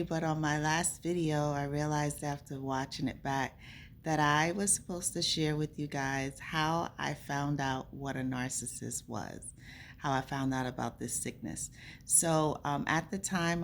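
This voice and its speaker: A woman's voice: sits low, slight background noise. A woman vlogger telling a personal story to camera in an earnest, conversational way. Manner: earnest, conversational, acts out remembered dialogue.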